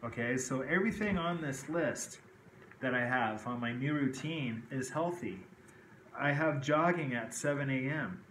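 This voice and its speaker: A man's voice: medium pitch, a little slow, a bit bright, slight background noise. Guy rambling on to his viewers, regular mid voice, echoey room at home. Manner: rambling, frequent "okay" and "kinda like". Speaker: vlogger. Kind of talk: casual personal talk to camera. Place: indoors at home. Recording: echoey room with faint ambience.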